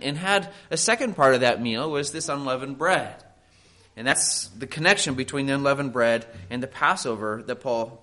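A man's voice: a little high, a bit bright. A man, a pastor, delivering a sermon in an earnest, emphatic preaching manner, often pressing his point with rhetorical questions.

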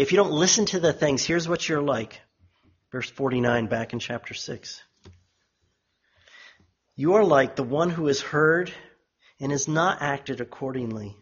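A man preaching a sermon, emphatic, lifting his voice when he quotes others and dropping low and quiet on solemn lines, with a husky tone. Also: muffled recording.

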